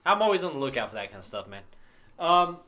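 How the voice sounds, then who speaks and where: Bright, animated man in his thirties. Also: fairly high pitch, fast. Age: 30s. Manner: animated, swearing, laughing storyteller. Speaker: podcast co-host. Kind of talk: casual chat.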